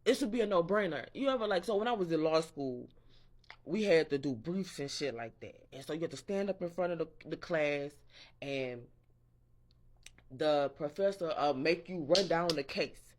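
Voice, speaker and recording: A man's voice: on the high side, lively intonation, normal speed. Rambling, profane man ranting to camera. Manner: rambling, profane, self-interrupting; quotes imagined people in a raised voice. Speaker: vlogger. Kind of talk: casual morning rant.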